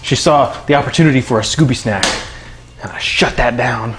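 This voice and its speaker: A man's voice: medium pitch, brisk, over music. A man casually chatting while cooking in his home kitchen on a live stream, joking and calling out viewers by name. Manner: excitable, jokey, thanks viewers by name. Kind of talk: casual livestream chat.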